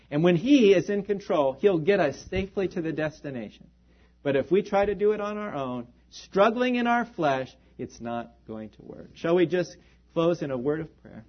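An earnest man preaching with emphasis, his voice sitting high for a man. He drops low and soft on key lines. The recording is muffled and lo-fi. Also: expressive, normal speed. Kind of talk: sermon. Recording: dull lo-fi sound.

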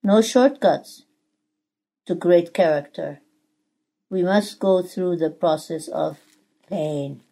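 A woman's voice: lowish voice, takes it slowly, long pauses, warm tone. A woman preaching a sermon in an emphatic, earnest way.

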